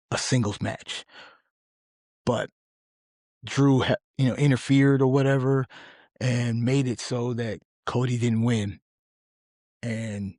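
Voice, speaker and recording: A middle-aged man hosting a podcast, giving opinionated, rambling commentary in a casual, animated way. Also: lowish voice, breathy edge, no echo, clean studio sound. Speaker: podcast host.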